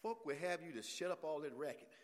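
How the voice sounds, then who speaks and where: A man preaching a sermon, moving from easy talk to shouted, rising calls and back. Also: on the high side, lively intonation, quick pace, in a large hall. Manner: builds from talk to shouting, call and response. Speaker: pastor.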